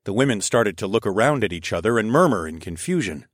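A man reading a first-person story aloud, expressive and sometimes dropping to a whisper. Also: fairly low pitch, quick pace, no room sound, studio quality. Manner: expressive, shifts into whispers for dialogue. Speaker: audiobook narrator.

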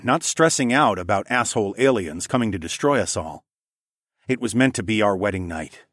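A man reading a first-person audiobook in a steady, even storytelling voice. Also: fairly low pitch, no room sound, studio quality. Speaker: audiobook narrator.

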